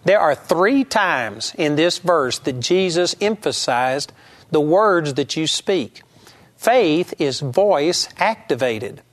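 A man preaching a sermon, teaching earnestly and emphatically, repeating his key phrases and slowing down to stress scripture. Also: fairly high pitch, animated.

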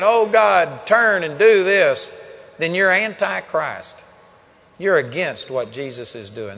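A man's voice: a little high, bright, forceful tone. A man preaching a sermon at a seminar, emphatic, quoting scripture by chapter and verse. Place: large seminar hall. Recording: long reverb of a seminar hall.

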